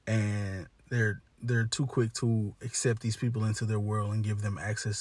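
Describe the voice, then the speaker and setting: A man's voice: on the low side, little pitch movement, normal speed, few pauses, a little mellow, husky, dry recording. A man ranting in a casual, blunt monologue, cursing heavily and talking in slang, with lots of restarts. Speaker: monologue speaker. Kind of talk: profane casual rant.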